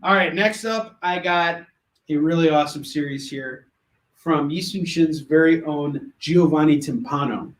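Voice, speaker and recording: A man's voice: a little high, a little hiss or hum. Joking man selling comics live. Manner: joking, rambling, quick asides. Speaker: host of a live comic sales show. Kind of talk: live sales pitch. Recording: echoey room.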